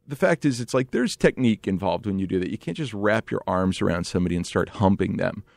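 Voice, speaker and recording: Man, gravelly voice, dry close sound, casual storytelling, animated, hushed to excited, restarts a lot. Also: lowish voice, dry recording.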